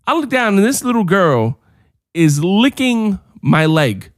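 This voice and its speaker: High, lively-voiced man telling stories. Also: unhurried, no echo, clean studio sound. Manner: animated storyteller, swears freely. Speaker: podcast co-host. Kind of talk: casual chat.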